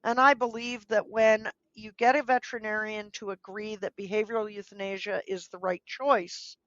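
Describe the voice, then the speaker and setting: A woman guest in a podcast interview, speaking earnestly and gently giving advice, now and then acting out what people might say. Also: medium pitch, flat delivery, moderate pace, no echo, highs cut off. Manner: earnest, gently advising, acts out quoted speech. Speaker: guest, dog trainer.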